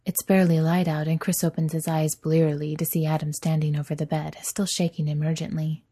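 A woman narrating a story aloud in a gentle, even storytelling manner. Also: low voice, fairly quick, slightly rough. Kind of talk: audiobook story reading.

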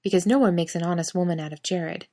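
A woman voicing a brash, crude young man who talks loudly and rudely in a storybook reading. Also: lowish voice, quick pace. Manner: loud, crude, blustering.

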